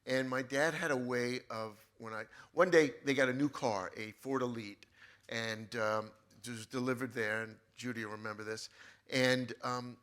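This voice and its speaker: Male guest author, casual storyteller, bright timbre, lively delivery with restarts. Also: mid-range voice, normal speed. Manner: animated storyteller with frequent restarts. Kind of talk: casual anecdote telling.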